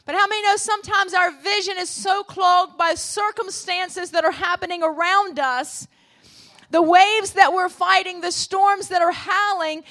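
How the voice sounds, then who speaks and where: A woman preaching a sermon to a church congregation, asking the room questions and swinging from quiet, low passages to shouted high points. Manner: call-and-response preaching, swinging between soft low passages and shouted peaks.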